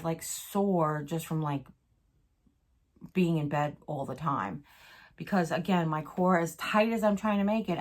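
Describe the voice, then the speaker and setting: A middle-aged woman casually chatting to camera at home as a vlogger, telling a story and acting out what others said. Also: lowish voice. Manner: chatty, storytelling, acts out quoted voices. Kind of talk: casual chat. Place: at home, sitting on a commode chair.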